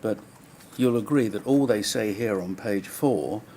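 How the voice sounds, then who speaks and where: Counsel pressing a witness, low voice. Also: male voice, dark tone, a little hiss or hum. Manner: measured, probing, pressing follow-up questions. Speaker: inquiry counsel questioning a witness. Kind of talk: formal cross-examination. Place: public inquiry hearing room.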